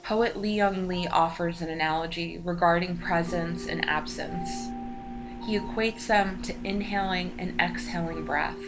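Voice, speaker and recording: A woman giving a slow, solemn scripted voice-over narration for a documentary. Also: lowish voice, fairly even intonation. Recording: voice-over with music behind.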